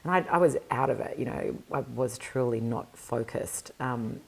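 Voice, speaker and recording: Very low, gravelly-voiced woman. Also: moderate pace. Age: adult mother. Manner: reflective, earnest, many fillers. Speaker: interview guest. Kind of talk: candid conversational storytelling.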